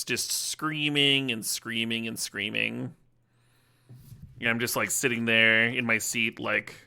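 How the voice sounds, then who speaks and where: A man's voice: mid-range voice, creaky, sharp tone. A man streaming a card-game draft, chatting casually and telling rambling, joking stories to his viewers. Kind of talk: casual live-stream commentary.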